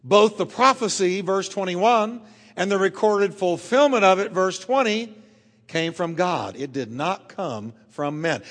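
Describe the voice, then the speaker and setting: A pastor preaching a sermon to his church, emphatic, dropping quiet and then swelling loud, drawing out key words. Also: sits high, lively intonation, a little slow, long reverb tail.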